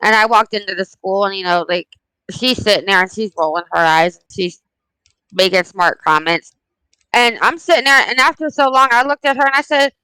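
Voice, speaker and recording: Woman, forties, blunt emphatic talker, bright crisp voice, dry close sound. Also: mid-range voice, moderate pace, dry recording, low-quality recording. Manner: blunt, emphatic, animated storytelling. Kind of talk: casual chat.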